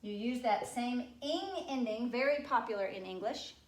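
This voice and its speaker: A woman's voice: on the high side, lively intonation, moderate pace, reverberant. A woman teaching second graders a spelling lesson, patiently sounding out and spelling words letter by letter. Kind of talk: spelling lesson for young children.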